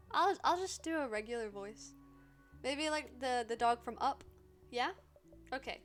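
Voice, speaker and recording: A woman streaming a game, reacting in an excitable way, swearing and thinking aloud. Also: sits high, measured pace, pauses often, soft background music.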